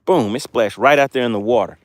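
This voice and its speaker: A man's voice: medium pitch, fairly quick, no echo. A man on a lake boat hosting a casual fishing livestream, chatting and reading viewer comments aloud. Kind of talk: casual live-stream commentary.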